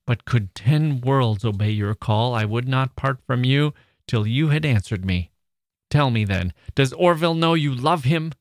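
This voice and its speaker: A man reading aloud and voicing a jealous 18th-century gentleman who pleads and rages theatrically. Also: medium pitch, unhurried, no room sound, studio quality, close to an everyday voice. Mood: furious. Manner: impassioned, theatrical outbursts.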